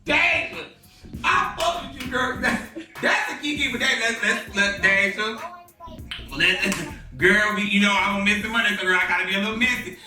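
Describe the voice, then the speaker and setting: A man's voice: high voice, normal speed, reverberant, far from the mic, rough recording. A man giving sassy gossip commentary, calling the listener girl.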